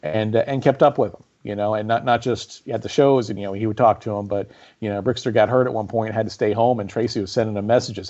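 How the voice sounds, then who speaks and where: Brief: male guest author, warm mellow tone, chatty storyteller, muffled call audio. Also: fairly low pitch, fast. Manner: animated storyteller, many fillers and repeats. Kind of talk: conversational storytelling on a podcast.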